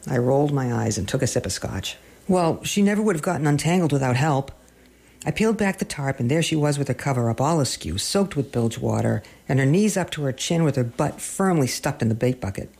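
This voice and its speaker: A man reads a humorous story aloud with a dry, wry delivery. His voice carries a gravelly edge and a husky texture. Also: medium pitch, expressive, brisk, a little mellow. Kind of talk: scripted narration of a humorous story.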